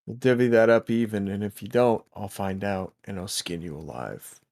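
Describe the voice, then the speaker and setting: Man playing a menacing crime boss, low and gravelly, threats delivered smoothly. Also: normal speed, darkish tone, no echo, clean studio sound, close to an everyday voice. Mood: threatening. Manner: silky with threats.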